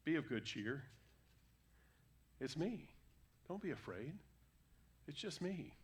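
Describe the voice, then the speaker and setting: A male preacher voicing a gentle, calm man who softly reassures frightened friends. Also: fairly high pitch, takes it slowly, slightly rough, pitched above the performer's own voice, full character voice. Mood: soothing. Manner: soft, hushed and reassuring.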